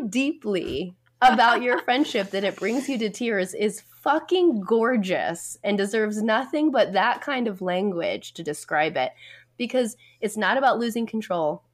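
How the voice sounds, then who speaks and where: A woman's voice: mid-range voice, lively intonation, normal speed. A woman therapist speaking as a podcast guest in casual chat, giving impassioned, emphatic encouragement.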